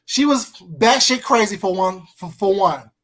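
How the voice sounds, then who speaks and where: A co-host in casual gossip chat, often stumbling on repeated words and drawing some words out slowly. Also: mid-range voice, lively intonation, a bit bright. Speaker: livestream co-host.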